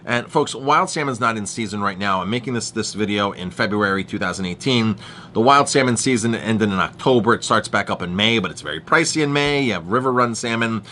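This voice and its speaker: A middle-aged chef speaks straight to the camera in a lowish, slightly fast voice with lively intonation, pushed and bright, over a faint hiss or hum. He rants emphatically and repetitively, warning viewers about food fraud as a consumer alert.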